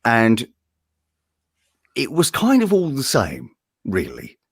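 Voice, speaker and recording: A man's voice: medium pitch, slow pace, husky, no echo, clean studio sound. A man, a voice-over artist, telling anecdotes in a casual interview and often laughing. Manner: animated, jumps into impressions, laughs often.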